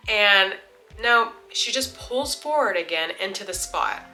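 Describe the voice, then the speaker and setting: A woman beauty vlogger telling a story in a casual, chatty way while doing her makeup, with lots of "like" and an animated retelling. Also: mid-range voice, measured pace, soft background music.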